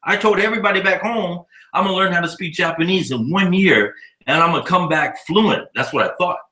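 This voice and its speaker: A man in his fifties, an educator living abroad, telling stories in a casual, profane, animated way during an interview. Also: high-pitched, a little fast, echoey room, low-quality recording. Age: 50s. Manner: animated, profane storyteller acting out dialogue.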